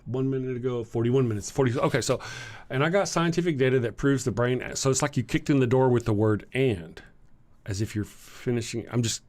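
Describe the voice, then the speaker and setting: A man with a Texan accent hosting a casual livestream, greeting viewers and reading their comments in a rambling, halting way, often chuckling. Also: mid-range voice, darkish tone. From Texas. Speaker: livestream host.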